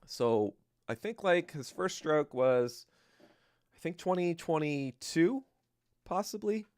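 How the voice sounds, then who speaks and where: Crude rambling young podcast host. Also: male voice, fairly high pitch, lively intonation, slow pace, darkish tone, smooth, no echo, studio quality. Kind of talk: casual livestream rant.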